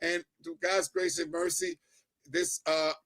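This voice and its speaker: A middle-aged man giving a personal testimony as a guest, telling it in an animated way, acting out the dialogue and often checking in with "right?". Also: high-pitched, a little slow, gravelly. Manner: animated storyteller, keeps adding "right?"; acts out quoted dialogue.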